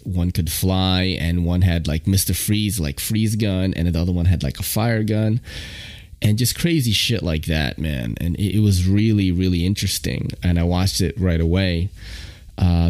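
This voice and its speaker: A young man with a lowish voice rambles through a solo podcast, full of slang and casual swearing. The sound is close and dry, with no room around it. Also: dry recording. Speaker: podcast host.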